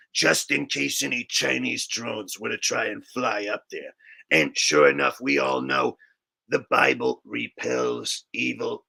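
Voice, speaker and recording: A man's voice: medium pitch, gravelly, bright, forceful tone, slightly rough, voice pushed down, full character voice. A man putting on a Boston accent as a paranoid, rambling stoner in a comic improvised monologue. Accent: put-on Boston.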